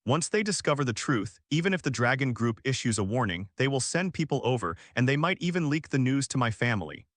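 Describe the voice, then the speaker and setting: A man's voice: mid-range voice, very animated, brisk, few pauses, a bit bright, no echo. Male narrator voicing an ancient teasing vampire woman from a storybook, sly and lightly seductive, dry sound. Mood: serious.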